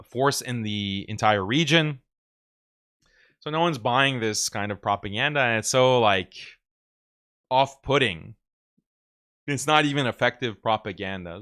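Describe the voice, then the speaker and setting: A man's voice: on the low side, sharp tone, clear, resonant tone. A man hosting a commentary show, talking casually in a sarcastic, mocking way and chuckling often. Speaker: host.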